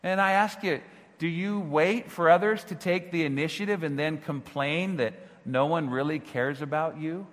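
A man preaching a sermon as pastor, earnest and full of rhetorical questions, moving from hushed tones to near-shouting. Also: fairly high pitch, moderate pace. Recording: long hall reverb.

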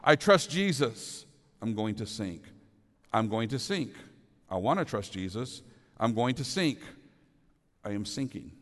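A man's voice: medium pitch, lively intonation, measured pace, pauses often, fairly bright tone, voice pushed down. A man preaching in a sermon, voicing a frightened fisherman who wavers between trust and panic. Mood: fearful. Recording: long reverb of a large hall.

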